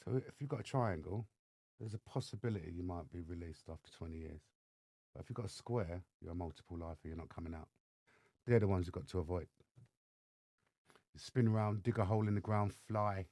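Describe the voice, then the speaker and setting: Deep gravelly English man telling stories. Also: a little fast, no room sound. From England. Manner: animated storyteller acting out dialogue. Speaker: podcast guest. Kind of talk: storytelling interview. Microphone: studio microphone.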